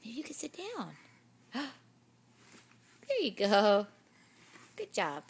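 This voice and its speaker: A woman's voice: fairly high pitch, huge pitch swings, slow pace, breathy edge. A young woman in a home video, coaxing a baby in a sing-song voice. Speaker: parent filming a baby.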